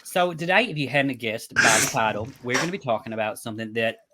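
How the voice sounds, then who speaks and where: A man's voice: medium pitch, quick pace, a crowd in the background. Guy hosting a horror podcast, chill chatty vibe, says um a lot. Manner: chatty and playful, with many fillers. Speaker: podcast co-host. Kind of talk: casual podcast chat.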